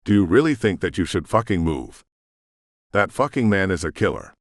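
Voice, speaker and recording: A man's voice: low voice, lively intonation, normal speed, dry recording, studio quality. A man voicing a fierce foul-mouthed pirate woman with a slight British accent. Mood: vicious. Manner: vicious, profane.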